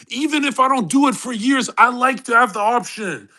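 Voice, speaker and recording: A man in his thirties, hosting a casual live audio chat, rambling loudly, laughing and acting out the voices of people he quotes. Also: very high voice, normal speed. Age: 30s. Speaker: host.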